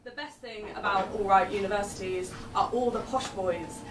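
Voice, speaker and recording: At a live venue, a young adult poet speaks at normal speed in a mid-range voice, performing spoken word and chatting wryly and self-deprecatingly between pieces. Venue noise, a distant mic and an echoey room color the recording.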